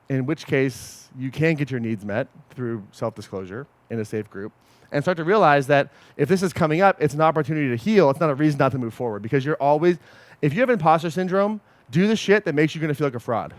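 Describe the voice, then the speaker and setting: A man coaching a group in a casual, animated way, swearing often and checking in with his listeners. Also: fairly high pitch, fairly quick, no echo. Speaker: podcast host and coach.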